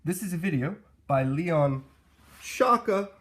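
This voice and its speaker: A man's voice: on the high side, animated, slow pace, a bit bright. A man hosting a video, giving casual, dryly amused commentary. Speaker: video host.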